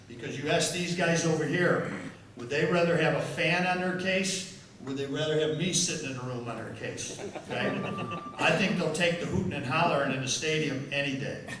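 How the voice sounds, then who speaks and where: Recorded far off in an echoey hall, a large members' dining room, an older man speaks after dinner as guest speaker and football official. His voice is on the high side and a bit bright; he tells self-amused stories and often repeats words, with a little hiss or hum in the audio.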